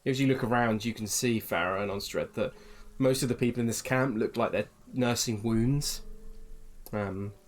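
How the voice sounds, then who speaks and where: A man narrating as dungeon master in a relaxed, halting way with many pauses. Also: medium pitch, slight background noise. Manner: relaxed, halting, lots of ums. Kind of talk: narrating a tabletop game.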